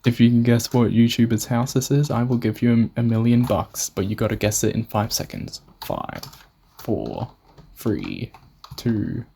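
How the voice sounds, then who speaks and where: A man's voice: medium pitch, little pitch movement, a little fast, hardly any pauses, mellow, a little hiss or hum. Rambling young Australian guy touring a game build. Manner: rambling, swears often, self-mocking. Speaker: gamer showing a build. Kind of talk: casual gameplay narration.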